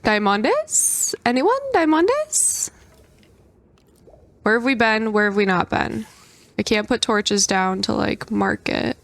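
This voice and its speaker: A young adult woman giving gameplay commentary, excitable and prone to squealing outbursts. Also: mid-range voice, slow pace, creaky. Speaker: gaming creator.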